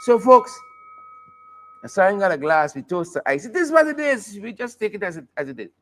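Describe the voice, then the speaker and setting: A man's voice: high-pitched, big pitch swings, a little fast, a bit bright. A man hosting a live talk show, joking and commenting on the news in a playful, casual way. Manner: joking, playful, sings snippets and laughs often.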